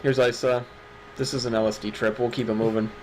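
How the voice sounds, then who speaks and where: A man's voice: medium pitch, level tone, quick pace, darkish tone, a little hiss or hum, low-quality recording. A man co-hosting a livestreamed awards show, chatting casually with sarcastic jokes and casual swearing. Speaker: stream co-host. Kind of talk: casual stream chat.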